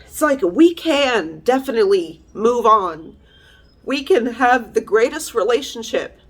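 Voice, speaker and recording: A woman's voice: a little high, animated, unhurried. A woman talking frankly and emotionally in a personal vlog, heated, swearing freely and using lots of fillers. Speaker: vlogger.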